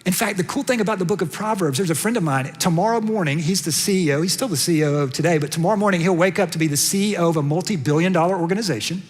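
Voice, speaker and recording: A man with a Southern US accent preaching a sermon as a pastor, telling a story with lively storytelling and acting out the characters' lines. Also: high voice, rapid-fire, hardly any pauses, husky, long reverb tail.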